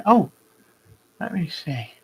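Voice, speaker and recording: A woman's voice: low voice, very animated, slow pace, creaky, a little hiss or hum, low-quality recording. An older woman hosting a quilting video, chatting casually with viewers and greeting them by name. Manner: chatty and warm-hearted, greets viewers by name, rambling asides. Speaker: quilting vlog host. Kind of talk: casual live chat with viewers.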